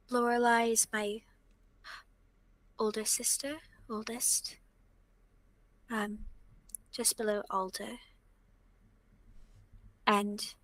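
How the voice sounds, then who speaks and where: A woman playing her character in a tabletop game, speaking quietly and haltingly with pauses. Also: mid-range voice, no room sound, poor audio. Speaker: player.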